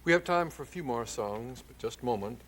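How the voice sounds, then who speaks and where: A man's voice: medium pitch, animated. A middle-aged man hosting a casual 1960s television folk music chat. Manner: slow, easygoing, breaks into song. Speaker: host. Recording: faint background noise, 1960s TV broadcast.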